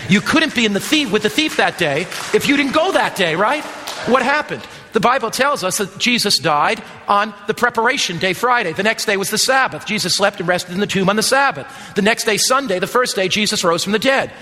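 A man pastor preaching a sermon, building to loud emphatic passages and then dropping back down. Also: sits high, lively intonation, a little fast. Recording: long hall reverb.

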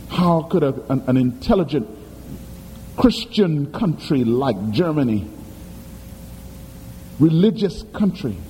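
Man, preacher, sermon, emphatic dramatic delivery, lively pitch, long hall reverb. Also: a little hiss or hum. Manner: emphatic, dramatic storytelling with call-and-response questions. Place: church sanctuary.

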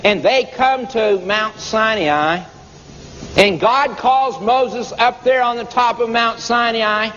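A preacher telling a Bible story in an emphatic, repetitive sermon style. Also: male voice, extremely high pitch, slow pace, a bit bright, a little hiss or hum. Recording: dull lo-fi tape with long reverb.

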